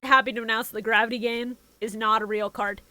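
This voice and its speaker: A woman's voice: on the high side, fairly even intonation, brisk, pushed and bright, no room sound, rough recording. A woman co-hosting a casual podcast, sarcastic, swearing freely and laughing often as she recaps an episode. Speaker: podcast co-host.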